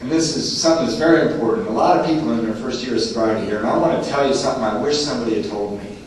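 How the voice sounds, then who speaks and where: A man with a Southern Californian accent sharing his recovery story at a meeting, self-mocking and animated, acting out the voices in his story. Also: mid-range voice, racing. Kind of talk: personal recovery talk. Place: meeting room. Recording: distant mic in a roomy, noisy hall.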